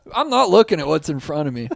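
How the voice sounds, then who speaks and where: A young man co-hosting a casual podcast, telling stories in an animated, profane way and laughing often. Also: a little high, a little fast, gravelly. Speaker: podcast co-host. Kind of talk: casual chat.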